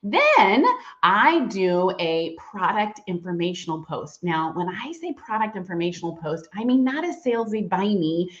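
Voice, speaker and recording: Bubbly middle-aged woman, lively pitch. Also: moderate pace. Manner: bubbly, chatty, laughs often. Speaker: direct-sales trainer. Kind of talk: livestream training. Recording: dull lo-fi livestream audio.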